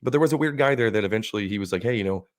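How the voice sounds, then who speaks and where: A man's voice: fairly low pitch, racing, no room sound, studio quality. A man co-hosting a podcast, telling a long rambling, profane bar story and acting out what others said. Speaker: podcast co-host. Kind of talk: casual storytelling chat.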